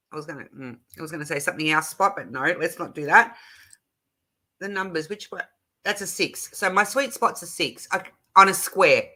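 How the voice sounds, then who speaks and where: An Australian woman hosts a relaxed live stream, rambling from one thought to the next and correcting herself as she goes. Her voice is very bright and sharp, and she giggles often while reading viewer comments aloud. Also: on the low side. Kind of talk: casual live stream chat.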